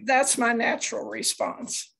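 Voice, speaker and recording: A woman's voice: a little high, fairly even intonation, measured pace, creaky, fairly bright tone. A woman taking part in an online workshop, speaking hesitantly and restarting her sentences. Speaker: workshop participant. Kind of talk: casual discussion. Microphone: video call.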